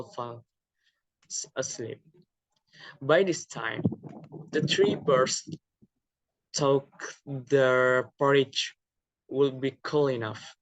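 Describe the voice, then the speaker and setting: A young man reads a fairy tale aloud at a slow, unhurried pace, pausing and restarting now and then. His voice sits at a mid pitch and the sound is dry and close to the mic, with no room around it. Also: no echo, low-quality recording. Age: young adult. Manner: halting, with small restarts and pauses. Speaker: student.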